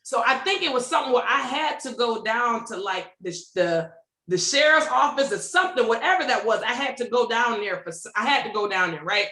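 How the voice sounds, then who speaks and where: Detroit woman, host, high voice, storyteller with echoey call audio. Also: brisk. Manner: animated, laughing, acts out quoted voices. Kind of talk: casual storytelling. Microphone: video call.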